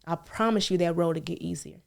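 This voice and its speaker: A woman talking earnestly on a podcast, repeating phrases and reassuring the listener, with animated storytelling. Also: on the low side, quick pace, gravelly. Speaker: podcast co-host. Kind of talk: casual heartfelt podcast chat.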